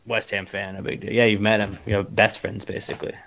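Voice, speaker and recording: A man's voice: fairly low pitch, level tone, a little fast, creaky, a bit bright. A man co-hosting a podcast, chatting casually with wry jokes and exaggerated rants. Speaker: podcast co-host. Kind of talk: casual chat.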